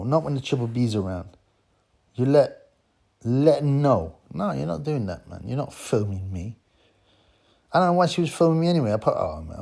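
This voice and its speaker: Vlogger: man, warm low-key tone, ranting storyteller, blunt and repetitive.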